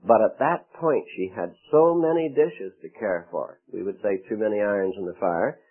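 A man preaching a sermon, expressive, with dramatic pauses and acted-out quotes. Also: lowish voice. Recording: tinny phone-like radio broadcast.

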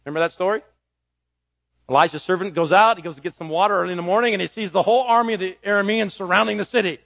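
A man preaching a sermon, swinging between ringing, raised declarations and soft, low asides. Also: very fast, vocal fry, no echo, muffled recording. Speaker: pastor.

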